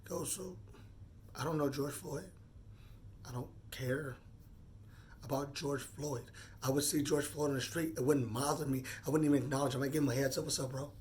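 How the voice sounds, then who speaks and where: A man in his forties speaking off the cuff in a personal monologue, earnest and halting, often repeating words as he gathers his thoughts. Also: mid-range voice, darkish tone, a little hiss or hum. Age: 40s. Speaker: vlogger.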